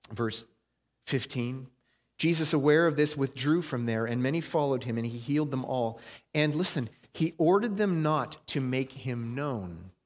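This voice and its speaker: Man preaching in a reverberant hall. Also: mid-range voice. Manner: conversational preaching, stresses and slows key phrases. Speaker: pastor. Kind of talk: sermon.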